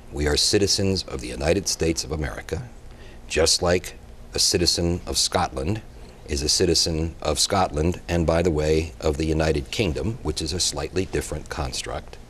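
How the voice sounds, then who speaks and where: Very deep-voiced, blunt man. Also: normal speed, fairly bright tone, a little hiss or hum. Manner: emphatic, blunt, impassioned. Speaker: guest expert. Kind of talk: TV talk show discussion.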